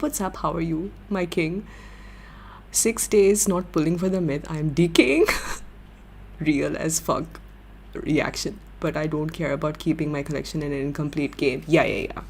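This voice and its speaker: Giggly young woman streamer, low kinda husky voice, gushing chatter. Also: normal speed. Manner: excitable, giggly, gushing fan talk. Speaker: livestream host. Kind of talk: casual chat with viewers.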